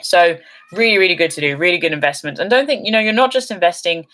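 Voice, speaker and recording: A woman's voice: fairly low pitch, quick pace, a bit bright. A woman hosting an outdoor channel's live stream, chatting upbeat and rambling with many ums while reading comments, a little tired.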